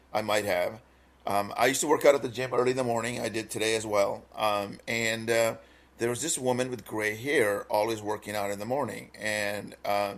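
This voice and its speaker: Low-voiced man telling a story. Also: a bit bright. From Minnesota. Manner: earnest storytelling, many fillers and restarts. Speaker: podcast co-host. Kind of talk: casual podcast chat.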